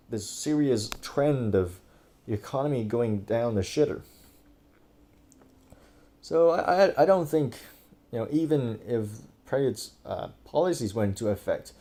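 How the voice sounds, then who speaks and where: A political commentator from Thailand speaks in a low, dark-toned voice, offering casual, exasperated, profane commentary loaded with fillers and restarts. He's indoors, talking over a screen recording.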